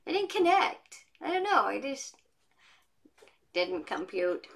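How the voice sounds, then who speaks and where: A woman voice actress chatting as an interview guest from her home studio, telling stories in a lively way. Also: a little high, takes it slowly, gravelly. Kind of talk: casual interview chat.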